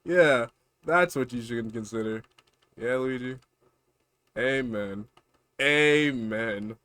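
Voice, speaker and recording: A man's voice: mid-range voice, takes it slowly, pushed and bright, smooth, no room sound. A man putting on a preachy, scolding Mario. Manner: lecturing, mock-righteous. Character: stern preachy older plumber brother. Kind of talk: comedic character voice on a game stream.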